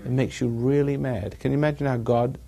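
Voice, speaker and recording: A man's voice: mid-range voice, steady tone, brisk, creaky, mellow. A man giving a rambling talk to a live audience, chuckling at his own jokes as he tells stories. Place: evening gathering with an audience.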